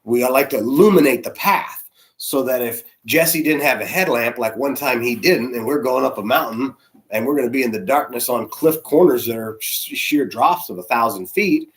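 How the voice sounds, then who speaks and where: A man, a church's senior spiritual leader, preaching in a conversational, animated storytelling way with soft asides. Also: mid-range voice, normal speed. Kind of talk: storytelling sermon.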